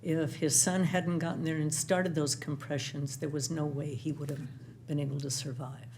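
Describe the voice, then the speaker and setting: A council member chimes in with conversational remarks in a fairly flat tone. Faint background noise runs under the voice. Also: medium pitch, normal speed.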